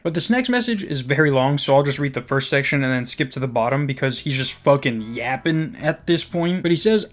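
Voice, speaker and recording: A man's voice: medium pitch, lively intonation, brisk, few pauses. A man hosting a mocking commentary video, sarcastic and profane as he roasts someone. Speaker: commentary channel host.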